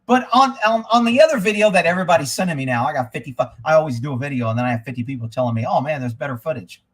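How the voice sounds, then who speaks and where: Casting: middle-aged man, high-pitched voice, loud, blunt type A ranter, swears constantly. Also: lively intonation, very fast. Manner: loud, profane, type A storyteller. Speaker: host of a live stream. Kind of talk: casual ranting monologue.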